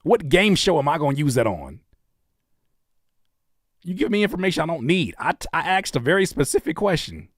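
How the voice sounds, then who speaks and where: A man hosting a music-reaction livestream talks in a loose, slangy way, full of jokes and teasing. His pitch jumps all over as he gets worked up. The sound is close and dry, with almost no room. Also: fairly quick, pauses often, no room sound. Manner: animated, joking, slangy, slips into mocking voices. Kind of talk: casual livestream chat.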